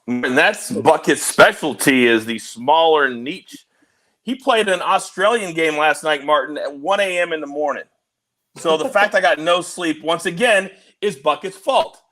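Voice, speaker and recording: A man hosting a sports betting show, excitable and teasing, talking over a remote link. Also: fairly high pitch, a little slow. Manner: excitable, teasing, big swings in loudness. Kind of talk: energetic podcast hosting. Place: on the road, remote.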